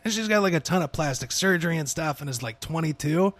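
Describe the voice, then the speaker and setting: Young male podcast host, gravelly, a touch high, dry close sound, rambling and casual, swears a lot. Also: lively intonation, fairly quick, hardly any pauses, a bit bright, dry recording. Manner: laid-back, swears a lot, says "dude". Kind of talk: casual chat.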